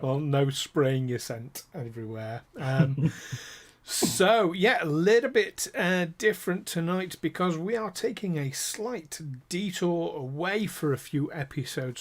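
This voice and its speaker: Slow-talking jokey male game master. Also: a little high. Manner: jokey, laughs often, teasing players. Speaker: game master and show host. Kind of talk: hosting a live tabletop game stream.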